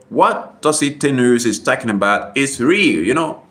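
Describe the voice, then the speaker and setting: A man vlogging casual commentary, rambling and repeating himself as he swings from low muttering to sudden high exclamations. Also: expressive, moderate pace, hardly any pauses, a bit bright.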